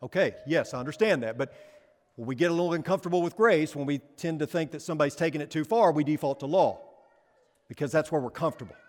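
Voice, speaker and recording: Pastor, male, fairly high voice, emphatic sermon delivery full of rhetorical questions, long church reverb. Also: fast talker. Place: church sanctuary.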